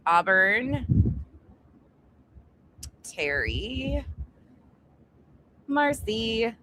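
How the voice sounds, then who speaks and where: Sing-song and drawn-out, her rather high voice has a sharp edge as she hosts a casual livestream indoors at home. She greets each viewer, chats away, and swears freely; the recording is rough, with construction noise from upstairs.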